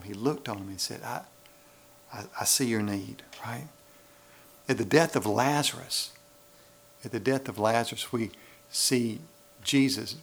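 A man's voice: medium pitch, vocal fry, fairly bright tone, slightly rough. A man preaching a sermon in a church, acting out little voices to make his points. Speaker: pastor.

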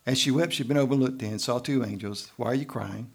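A male pastor delivering a sermon in a church, his middle-pitched voice carrying a gravelly edge. He preaches with lively swings and loud emphasis, tossing "right?" to the congregation between points. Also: fast talker.

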